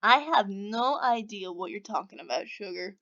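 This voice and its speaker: A smug young man who drawls pet names and enjoys tormenting , as a woman puts him on. The lines swing with lively pitch and a bright, forceful edge, heard through a dull lo-fi home mic. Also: normal speed, no echo. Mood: smug teasing. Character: cocky teasing young man who taunts. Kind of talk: visual novel voice acting.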